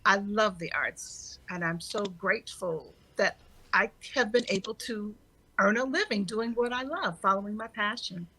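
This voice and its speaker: A woman from the United States speaks as a guest over a video call. She talks in an articulate, measured way. Her voice is bright and forward. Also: mid-range voice, slight background noise, low-quality recording. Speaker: guest theater artist. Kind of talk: casual interview chat.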